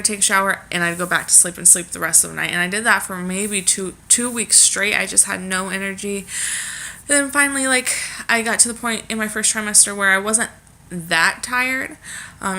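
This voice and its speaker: Young pregnant woman rambling on her vlog, bright voice, lots of ums. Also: mid-range voice. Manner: chatty, rambling with fillers. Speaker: vlogger. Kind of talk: casual chat to camera.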